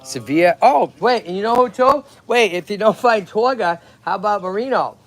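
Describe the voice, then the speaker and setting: A man's voice: sits high, animated, normal speed. A man with a Massachusetts accent hosting a livestream outdoors at a tortoise pond. He talks energetically and chattily, and keeps checking in with "okay?" and "right?". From Lowell, Massachusetts. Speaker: tortoise rescue host. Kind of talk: livestream chat.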